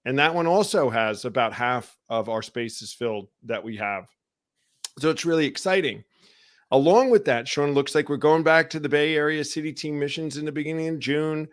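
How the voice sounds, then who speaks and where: Hosting a live online recovery show, this man speaks at a moderate pace in a slightly high voice. His live-stream talk is casual, and he welcomes viewers by name.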